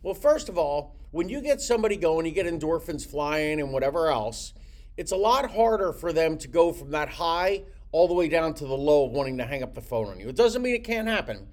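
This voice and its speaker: Middle-aged man, real estate sales coach, animated and swooping intonation, slightly higher voice, acts out calls. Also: fairly quick. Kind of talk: teaching sales technique.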